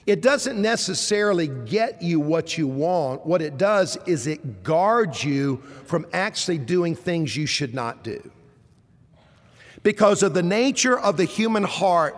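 A man's voice: sits high, long reverb tail. A man preaching a sermon to a congregation, asking rhetorical questions and rising into emphatic repeated words. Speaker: pastor.

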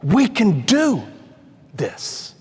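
A male preacher with a high voice delivers an emphatic sermon, dropping to a hush to drive points home and calling his listeners folks. His words ring with the long reverb of a large hall. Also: wildly swooping pitch, extremely slow, husky. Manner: emphatic, addresses listeners as folks, drops low for stress.

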